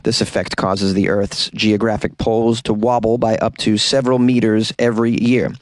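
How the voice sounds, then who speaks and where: A man's voice: on the low side, little pitch movement, normal speed, no echo. A man hosting a comedic news podcast, reading items aloud and riffing sarcastically, recorded close in a small closet. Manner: reads news aloud, then riffs sarcastically.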